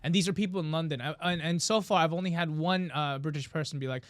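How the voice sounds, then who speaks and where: A man with an American accent, originally from South Korea, chats quickly and hesitantly, full of fillers. His voice sits a bit high. The sound is dry and close. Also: no room sound. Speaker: comedian guest. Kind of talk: casual chat.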